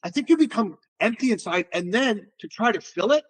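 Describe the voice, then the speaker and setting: Husky, animated middle-aged man. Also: high voice, fairly quick. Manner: animated, repeats words on restarts, swears casually. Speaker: entrepreneur guest. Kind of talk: casual storytelling interview.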